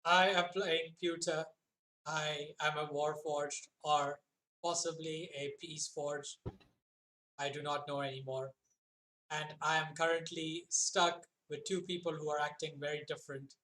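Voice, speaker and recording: A man doing a flat monotone robot. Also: fairly high pitch, normal speed, a little hiss or hum, close to an everyday voice. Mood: deadpan. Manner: flat monotone, clipped formal sentences.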